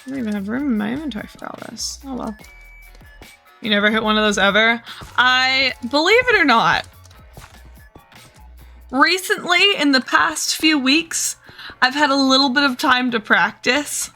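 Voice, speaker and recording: A woman's voice: sits high, normal speed, pauses often, sharp tone, soft background music. A woman streamer chatting casually and playfully over her gameplay, teasing herself along the way. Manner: playful, chatty, self-mocking.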